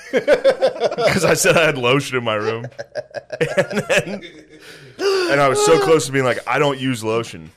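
A man's voice: on the high side, very animated, a little slow, long pauses, a bit bright. A young man telling funny family stories on a podcast, swearing freely and laughing through them. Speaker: podcast host. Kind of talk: casual comedic storytelling.

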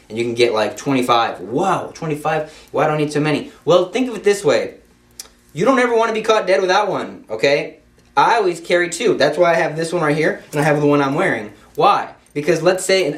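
In an echoey room, away from the mic, a young man with a mid-range, fairly bright voice delivers a casual Catholic devotional talk. He is emphatic and repeats himself, mixing in playful asides.

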